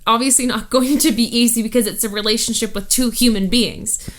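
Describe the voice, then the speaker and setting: A woman's voice: a little high, fairly even intonation, fairly quick. A woman co-hosting a casual podcast with her husband, earnest and reassuring, laughing often. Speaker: podcast co-host. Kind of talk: casual chat.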